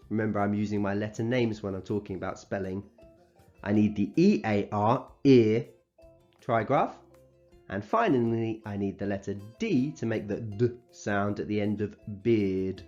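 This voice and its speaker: Man teaching phonics, slow and clear. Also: on the low side, lo-fi sound. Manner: slow, clear sounding-out of letters with encouraging praise. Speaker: primary school teacher. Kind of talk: recorded phonics lesson for young children.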